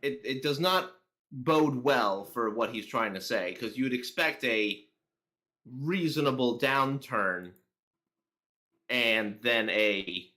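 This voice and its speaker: A man co-hosting a casual political commentary chat, often pausing with fillers as he reads through numbers. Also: medium pitch, pushed and bright. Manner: reads out statistics haltingly, many fillers. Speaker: co-host.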